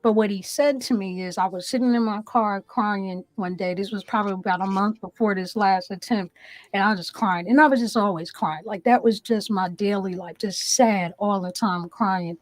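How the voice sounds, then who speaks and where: A woman's voice: medium pitch, moderate pace, dry recording, low-quality recording. A woman guest giving her testimony in an interview, earnest and preacherly, repeating phrases for emphasis, from a small room at home.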